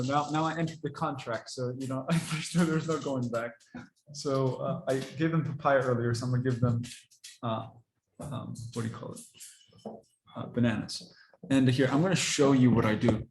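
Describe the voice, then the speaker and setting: A man casually explaining how he trains his dogs, relaxed and rambling, laughing often. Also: mid-range voice, normal speed, reverberant, very noisy. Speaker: dog owner explaining training. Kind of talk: casual talk to camera.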